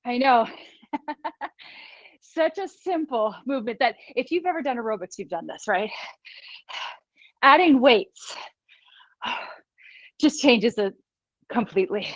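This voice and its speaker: High-voiced upbeat woman fitness instructor. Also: lively intonation, takes it slowly, long pauses, no room sound, dull audio. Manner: encouraging, counts down reps, laughs often. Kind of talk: live online fitness class instruction. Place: small studio room.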